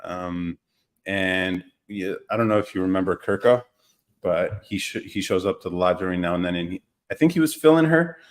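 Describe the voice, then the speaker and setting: Deep-voiced young man hosting a live chat. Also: a little fast. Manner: loose, joking, laughs often, reads out viewer comments. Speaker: podcast host. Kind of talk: casual livestream chat.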